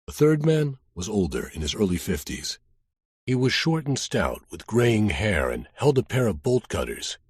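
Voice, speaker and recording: Husky, lively male audiobook narrator. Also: lowish voice, normal speed, no echo, studio quality. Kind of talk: first-person audiobook narration.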